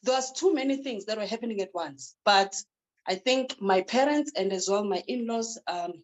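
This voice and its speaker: A woman's voice: medium pitch, normal speed, rough recording. A woman, a panel guest on a video call, earnestly recounting a personal experience with some hesitation. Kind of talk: personal testimony.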